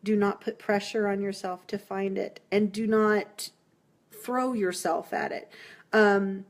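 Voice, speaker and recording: A woman's voice: mid-range voice, fairly even intonation, slow. A woman giving a live-streamed tarot reading, chatty and reassuring, laughing often as she talks to viewers. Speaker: tarot reader.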